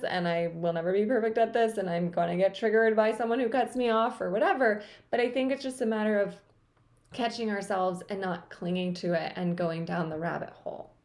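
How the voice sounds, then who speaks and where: A woman host speaking softly and thoughtfully to camera, a little emotional, with many casual fillers. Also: lowish voice. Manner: soft, thoughtful, with frequent fillers. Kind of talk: reflective personal talk to camera.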